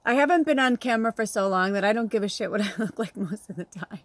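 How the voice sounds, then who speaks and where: A middle-aged woman talking casually as a spiritual reader, her voice at an ordinary mid pitch. She rambles in a loose, chatty way, laughs often and swears offhandedly. At times she sounds close to tears. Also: quick pace, no echo. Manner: emotional, near tears. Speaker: tarot reader and medium. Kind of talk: casual spiritual vlog chat.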